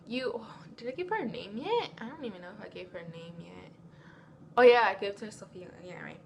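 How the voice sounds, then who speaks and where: A woman's voice: medium pitch, fast, slight background noise. A teenage girl telling a school drama story as a casual vlog, acting out what everyone said. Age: teens. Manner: animated, reenacting quotes. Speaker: vlogger.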